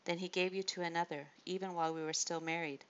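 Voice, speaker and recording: A woman's voice: on the low side, steady tone, quick pace, clean tone, close to an everyday voice. A woman narrator voicing a bitter, wounded young queen who speaks resentfully and sharply. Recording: dull lo-fi audiobook recording.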